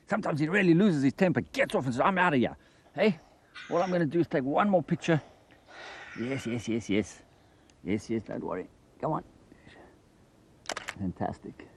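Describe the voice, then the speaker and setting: A man presenting a wildlife documentary on location outdoors in a desert, chatting lively and coaxing an animal he photographs. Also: medium pitch, a little hiss or hum.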